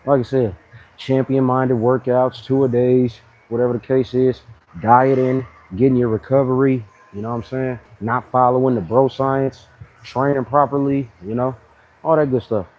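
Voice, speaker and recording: A man in his thirties hosts a casual live fitness chat, blunt, animated and full of slang, often mimicking other people in a higher voice. He talks at normal speed on a rough recording.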